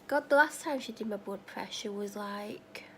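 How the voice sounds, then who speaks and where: A woman's voice: medium pitch, moderate pace, slight background noise. A woman chatting casually in a vlog, rambling through run-on asides and retelling conversations. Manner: retells conversations, acting out both sides. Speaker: vlogger.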